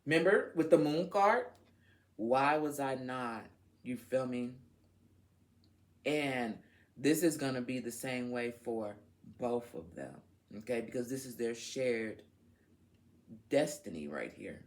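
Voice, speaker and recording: Woman tarot reader, casual and unfiltered, swears, unhurried delivery. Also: very deep voice, animated. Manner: frank, swears freely, laughs, talks to her viewers. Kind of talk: casual tarot reading to camera.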